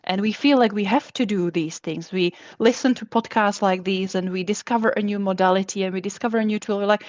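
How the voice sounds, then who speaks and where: A woman's voice: mid-range voice, brisk, hardly any pauses, no echo. Woman co-host, dry dull sound. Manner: thoughtful, appreciative. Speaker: podcast co-host. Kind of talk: podcast interview.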